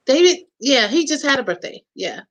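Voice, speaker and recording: A woman's voice: high voice, lively intonation, normal speed. A woman hosting a casual holiday chat over a video call, playful, laughing often and breaking into bits of song. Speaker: host.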